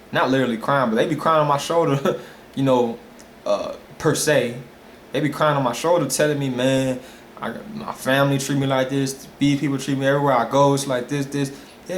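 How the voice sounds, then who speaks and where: A man giving an emphatic, rambling, informal religious talk straight to his viewers. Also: a little high. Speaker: religious video speaker. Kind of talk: informal preaching monologue. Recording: roomy echo with faint hiss.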